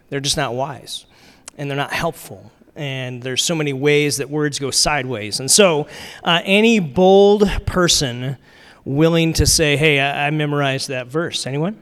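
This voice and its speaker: Preaching in a church sanctuary, this pastor has a fairly bright, higher-pitched voice. His conversational sermon is loose, with many fillers and restarts, and the recording rings with the long reverb of a large hall.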